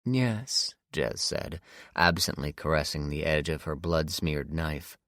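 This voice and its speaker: A man narrating an audiobook in a steady, measured storytelling voice. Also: rumbling low, dry recording, clean studio sound. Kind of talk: scripted narration.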